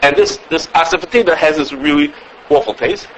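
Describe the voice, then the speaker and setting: Quick animated man teaching a class. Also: on the high side, gravelly, highs cut off, a little hiss or hum. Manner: animated, repeats words, asks "okay?" often. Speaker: Torah teacher. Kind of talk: halacha class lecture.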